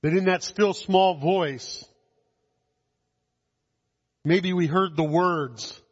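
Guy preaching slow at communion, fairly high voice, big echoey church hall, kinda dull sound. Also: husky. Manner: slow, measured, with dramatic pauses and soft drops. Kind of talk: sermon.

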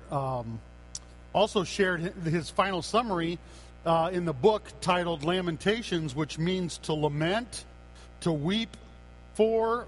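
High-pitched guy preaching, earnest, takes his time, lots of uh and um. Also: slight background noise, poor audio. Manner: earnest and unhurried, with frequent fillers and restarts. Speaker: pastor. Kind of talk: sermon.

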